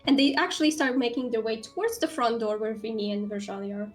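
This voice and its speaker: A woman's voice: a little high, steady tone, faint music behind. Woman running a tabletop game. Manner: measured narration with frequent fillers. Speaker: dungeon master.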